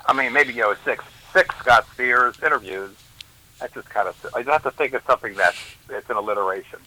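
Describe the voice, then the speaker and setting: A man chatting on a radio show as a regular guest, rambling and restarting his sentences in quick bursts. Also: medium pitch, pushed and bright, low-quality recording. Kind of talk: casual on-air banter. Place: radio studio.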